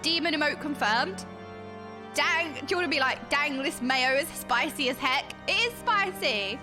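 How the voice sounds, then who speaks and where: Her high-pitched voice keeps fairly even intonation and a moderate pace as she streams a game. The young woman giggles, chats with viewers and responds to chat in a bubbly way, with background music playing.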